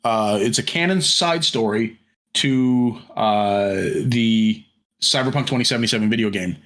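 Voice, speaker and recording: A man with a medium-pitched, slightly bright voice talks in an unhurried way. Co-hosting a podcast, he rambles through casual chat with many fillers and restarts, plus some casual swearing.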